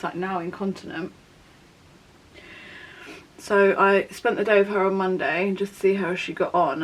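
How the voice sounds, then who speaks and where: A woman's voice: fairly low pitch, poor audio. A young woman, telling a long personal story in a rambling, candid way while doing her makeup for a get-ready-with-me vlog. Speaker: beauty vlogger.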